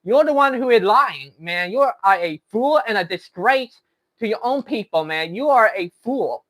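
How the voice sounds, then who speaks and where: A man's voice: high-pitched, lively intonation, normal speed, fairly bright tone. A man streaming a game live, taunting and arguing with a viewer in chat. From Texas. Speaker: livestreamer. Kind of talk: live gaming stream talk.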